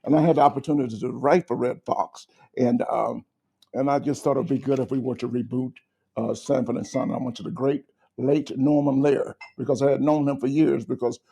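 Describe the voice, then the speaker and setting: A man's voice: mid-range voice, steady tone, a little fast, gravelly, warm tone, breathy edge. An older man from Georgia, a comedian guest, chatting casually and joking playfully. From Georgia, USA. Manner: playful, jokey. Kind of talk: casual chat.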